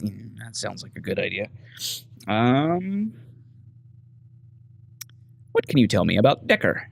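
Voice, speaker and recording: A man's voice: lowish voice, big pitch swings, takes it slowly, creaky, long pauses. A man giving casual let's-play commentary, chatting through dialogue choices and reading menu items aloud. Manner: casual, reads menu text aloud, muttering asides. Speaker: gameplay host.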